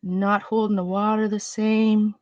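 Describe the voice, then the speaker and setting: A woman's voice: mid-range voice, flat delivery, a little slow, no room sound, dull audio. A woman hosting a casual painting livestream, chatting loosely with viewers as she works and sniffling a little. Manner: chatty, rambling, greets viewers, thinks aloud. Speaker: art livestream host.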